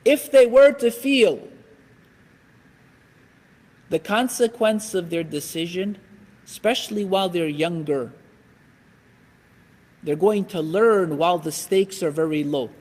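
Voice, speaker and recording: A man giving a religious lecture in an animated way, acting out everyday scenes. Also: high voice, slow, long pauses. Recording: echoey hall.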